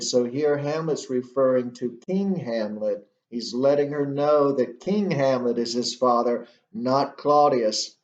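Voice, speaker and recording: A man teaching a literature lesson, explaining slowly and deliberately with frequent filler sounds, in a roomy, muffled recording. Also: medium pitch, a little mellow. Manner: slow, deliberate explaining with many uhs. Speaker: literature instructor.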